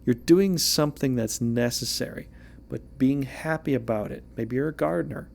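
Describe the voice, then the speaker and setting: Gravelly man rambling through a casual tarot reading. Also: medium pitch, moderate pace, darkish tone, slight background noise. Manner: rambling and joking, with frequent restarts. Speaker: amateur tarot reader.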